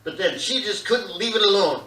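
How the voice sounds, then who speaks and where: A man in his fifties from Canada doing stand-up comedy on a theater stage, rambling through animated off-topic asides. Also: high voice, fairly quick. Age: 50s. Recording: echoey live theater from far off. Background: audience laughter.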